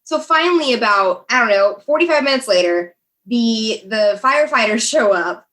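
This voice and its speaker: A woman's voice: fairly high pitch, expressive, normal speed, fairly bright tone. A young American woman, a podcast guest, telling a story in casual chat, laughing often and talking with many fillers and restarts. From USA.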